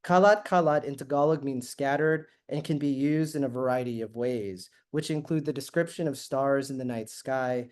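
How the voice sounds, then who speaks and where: Measured male lecturer. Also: mid-range voice, a little mellow, smooth. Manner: measured, reads prepared text with occasional fillers. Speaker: guest lecturer, university professor. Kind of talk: academic lecture.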